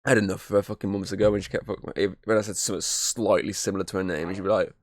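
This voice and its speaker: A man hosting a casual podcast, rattling through a rambling story at speed. His voice sits a little low and sounds close and dry, with no room around it. He swears freely and leans on "obviously" as he goes. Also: fairly even intonation, very fast, no room sound. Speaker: podcast host. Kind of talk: casual chat, anecdote.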